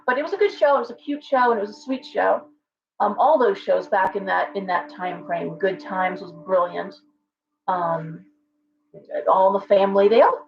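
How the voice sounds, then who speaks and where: A woman's voice: on the high side, muffled recording. Chatty middle-aged woman on a livestream. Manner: chatty, digressive, talks back to viewer comments. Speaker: shop owner hosting a livestream. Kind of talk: casual livestream chat.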